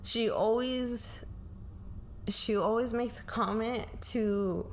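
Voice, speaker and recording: A young woman with a calm, soothing voice, sharing a personal faith testimony slowly and reflectively, often adding "like" and "right?". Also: fairly high pitch, a little hiss or hum. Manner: slow, reflective, tags lines with "like" and "right?". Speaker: pastor's kid and co-host.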